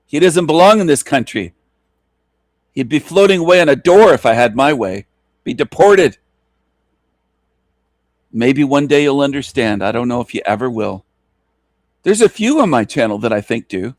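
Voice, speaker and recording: A man's voice: medium pitch, no room sound. Guy ranting bitter and scornful at his viewers, swearing, dry close sound. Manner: bitter, contemptuous, profane. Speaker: channel host. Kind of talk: angry ranting monologue.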